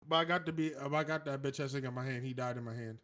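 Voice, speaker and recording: A man's voice: mid-range voice, steady tone, rapid-fire, a crowd in the background. A man co-hosting a casual podcast chat, brash and joking. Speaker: podcast co-host.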